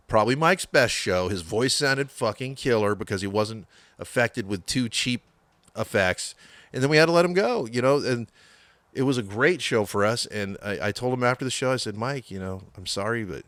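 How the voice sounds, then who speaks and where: A man's voice: lowish voice, moderate pace, no room sound. A middle-aged man telling stories as a podcast guest, swearing freely and acting out what others said. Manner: animated storyteller, swears a lot, acts out quotes. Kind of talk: casual interview storytelling.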